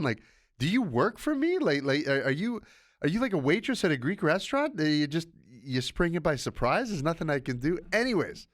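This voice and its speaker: A man with a fairly high voice hosts a sports podcast solo in a casual monologue, rambling and interrupting himself. The sound is studio quality with no echo.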